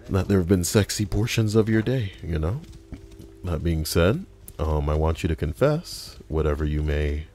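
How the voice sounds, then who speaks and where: A man's voice: deep voice, lively intonation, normal speed, darkish tone. A man hosting a casual podcast while gaming, rambling and swearing freely as he reads chat aloud. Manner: rambling, profane, many fillers. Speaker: podcast host and streamer.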